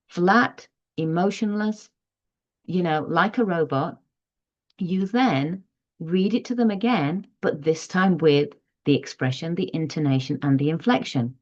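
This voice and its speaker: A woman talks parents through reading skills at an unhurried, deliberate pace, her voice sitting a little low. The sound is dull and lo-fi. She explains patiently and now and then reads a sentence aloud to show the point. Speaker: teacher giving parenting advice. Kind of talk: instructional talk to parents. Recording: dull lo-fi audio.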